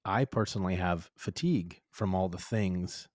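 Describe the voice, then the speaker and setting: Man, podcast co-host, casual chat, opinionated, laid-back, low voice, dry close sound. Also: normal speed, darkish tone, no room sound. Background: chickens.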